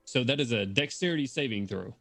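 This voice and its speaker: A man's voice: mid-range voice, animated, fast talker, creaky, a bit bright, no echo, faint music behind. A man playing a tabletop game, methodically explaining his spells and moves. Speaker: player.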